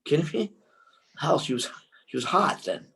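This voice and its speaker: An older man, a filmmaker guest in an interview, telling a long anecdote in an excitable, rambling way full of restarts. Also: a little high, normal speed, gravelly, low-quality recording.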